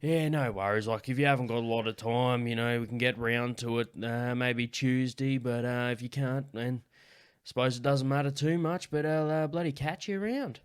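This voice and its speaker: A man's voice: mid-range voice, normal speed, clean tone, natural voice. A man voicing a laid-back rural farmer with a Central West New South Wales accent, speaking in an easygoing drawl. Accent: rural Australian, Central West New South Wales.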